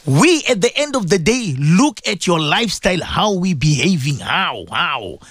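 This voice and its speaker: Guy preaching on the radio, high voice swinging all over, dry close sound. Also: sing-song, normal speed, a bit bright, husky, dry recording. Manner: impassioned, repetitive rhetorical questions. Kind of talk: radio sermon.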